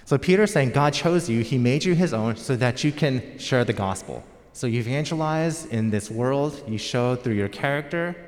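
A man's voice: medium pitch, darkish tone. An American man preaching a sermon as pastor, in a conversational storytelling manner. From United States. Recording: long hall reverb.

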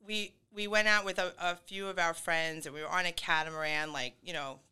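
A middle-aged woman chats on a podcast, her voice bright and crisp. She rambles through her story with fillers and quick laughs, sitting slightly low in pitch for a woman. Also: fairly even intonation. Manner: chatty, full of fillers and laughs. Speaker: guest. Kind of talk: casual podcast conversation.

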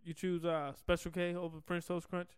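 A man's voice: sits high, flat delivery, moderate pace, clean tone, dry recording. A man co-hosting a casual podcast chat, teasing his partner and laughing often, on a close studio mic. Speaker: podcast co-host.

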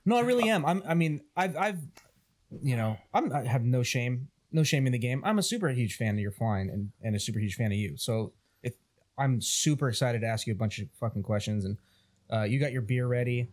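A man hosting a podcast, eager and excitable, swearing casually as he chats. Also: medium pitch, a little fast. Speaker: podcast host.

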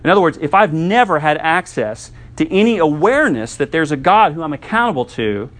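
A man preaching a sermon in a conversational teaching style, often checking in with the listeners with quick asides. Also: on the high side, lively intonation, fairly bright tone. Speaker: pastor.

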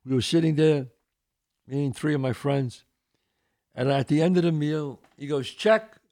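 A middle-aged man hosting a podcast, answering listener questions and telling lively neighborhood stories. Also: fairly high pitch, normal speed. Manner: animated, acts out quoted voices in a story. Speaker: podcast host.

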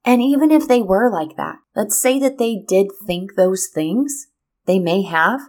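A woman hosts a podcast and tells a personal story with a motivational message. Her voice sits at an ordinary middle pitch. She tells the story in a lively way and acts out what people said as she goes. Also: a little slow. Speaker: podcast host.

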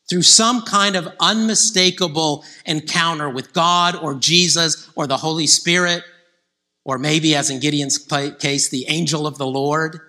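Bright-voiced man preaching a sermon. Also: a little high. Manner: conversational, animated when quoting scripture figures.

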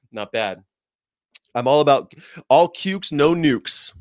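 A man's voice: on the high side, animated, extremely slow, dry recording, studio quality. A man hosting a reaction video, brash and joking, swearing and repeating short slogans. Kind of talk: blunt reaction commentary.

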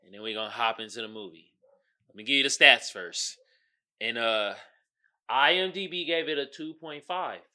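Podcast host, man, African American Vernacular English, sharp bright voice, profane, goes from muttering to shouting. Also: mid-range voice, normal speed. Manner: animated, swings between muttering asides and loud outbursts; slangy and profane, keeps asking "you feel me?". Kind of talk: casual solo podcast rant.

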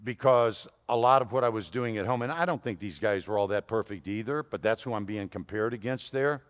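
A man preaching a sermon as an animated storyteller, jumping between loud punchlines and hushed asides. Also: lowish voice, fairly quick. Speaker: guest preacher. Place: church sanctuary. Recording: long reverb of a church hall.

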